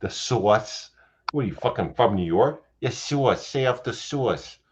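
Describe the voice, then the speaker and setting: Lively swearing man hosting a livestream. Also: lowish voice, measured pace. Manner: swears freely, rambling and animated. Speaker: livestream host. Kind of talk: casual late-night livestream chat. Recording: dull lo-fi stream audio with faint hiss.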